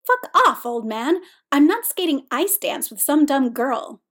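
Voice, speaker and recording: A woman voicing an angry, hulking teenage boy skater who yells rudely. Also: a little high, animated, slow, exaggerated voice. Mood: furious. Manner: shouting, rude.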